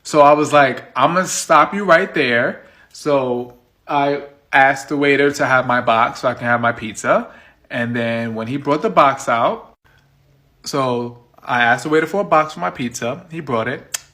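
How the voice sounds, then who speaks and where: A man from the United States casually telling a personal story for his video, animated and indignant, with some swearing. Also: mid-range voice, moderate pace. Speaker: storytime vlogger.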